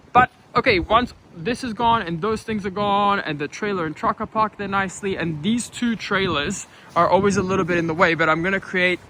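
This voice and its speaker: A man chatting excitedly to his camera outdoors on his rural property, full of exclamations. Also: fairly high pitch, slight background noise. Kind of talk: casual vlog chat to camera. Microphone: handheld camera.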